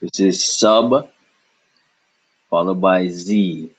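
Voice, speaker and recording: A man with a fairly low, expressive voice teaches a language lesson at a slightly slow pace, patiently splitting words into syllables and repeating them step by step. The recording is dull and lo-fi.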